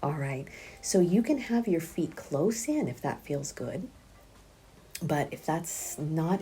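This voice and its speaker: A middle-aged woman leads a prenatal yoga class in a soft, breathy voice that often drops to a half-whisper. She talks at an unhurried, very slow pace in a fairly low, mellow tone. She counts the breaths aloud over faint music. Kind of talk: guided yoga class instruction.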